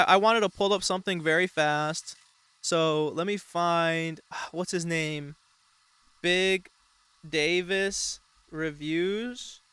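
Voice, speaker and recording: A man's voice: a little high, pushed and bright, clean tone, dry recording. A man hosting a show, talking in a rambling, mock-serious casual way with frequent swearing. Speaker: show host. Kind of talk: casual comedic commentary.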